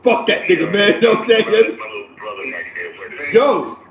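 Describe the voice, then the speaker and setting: A man casually telling street stories on a podcast, animated and streetwise, laughing as he goes and often asking "you know what I'm saying.". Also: high voice, measured pace, reverberant, a crowd in the background, rough recording.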